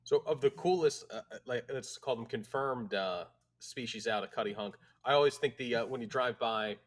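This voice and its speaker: A man's voice: medium pitch, normal speed, fairly bright tone. A man interviewing a guest in a casual chat, hesitating with fillers as he asks his questions.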